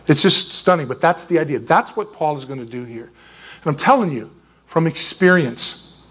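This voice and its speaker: Husky-voiced man preaching conversationally. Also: on the high side. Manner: conversational, rambling, animated. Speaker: pastor. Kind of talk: sermon.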